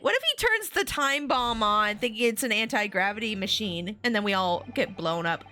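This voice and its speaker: A woman's voice: mid-range voice, animated, normal speed, hardly any pauses, pushed and bright, a little hiss or hum. A young adult woman streaming a game, making playful, giggly asides. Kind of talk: casual game-stream commentary.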